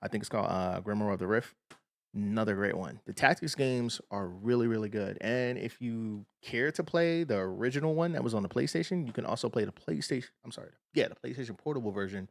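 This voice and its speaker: Gravelly-voiced man chatting on a game stream. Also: on the low side, no echo. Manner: relaxed, hedging, reads chat aloud. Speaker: gaming streamer. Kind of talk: casual livestream chat.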